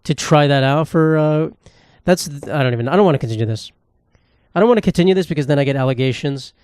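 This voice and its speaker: A man's voice: a little high, fast, a little mellow, clean tone, no room sound, studio quality. A young man hosting a solo comedy podcast, rambling and sarcastic, swearing freely. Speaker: podcast host.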